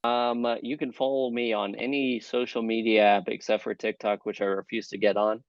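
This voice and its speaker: Comedian guy with a lowish voice riffing on a pod, kinda muffled dull sound, dry. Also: level tone, moderate pace, dry recording. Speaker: guest comedian. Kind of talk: casual comedy chat.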